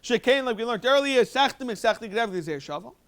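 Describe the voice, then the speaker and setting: Rabbi guy, really high voice, zipping through a talmud lesson, gets worked up and punchy on the points. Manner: quick, animated explaining with sudden emphatic jumps. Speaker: rabbi teaching a Talmud review class. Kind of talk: Talmud lecture, English mixed with Hebrew and Aramaic terms.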